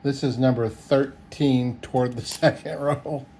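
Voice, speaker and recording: A man's voice: mid-range voice, fairly even intonation, measured pace, darkish tone, slight background noise. A middle-aged man, chatting casually and chuckling as he sorts coins on camera. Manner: chuckling, easygoing, folksy, thinks aloud. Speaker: coin roll hunter. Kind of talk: casual solo video commentary.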